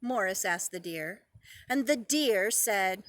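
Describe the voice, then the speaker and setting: A woman's voice: mid-range voice, animated, takes it slowly. A woman preschool teacher reading a picture book aloud to young children, sing-song and encouraging, repeating phrases for them.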